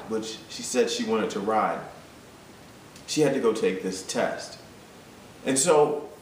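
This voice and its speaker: Motivational man in an echoey room. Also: medium pitch. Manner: storytelling, repeats himself, builds to urgent appeals. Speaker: fitness coach. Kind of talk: motivational talk. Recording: echoey room, voice from a distance, background hum.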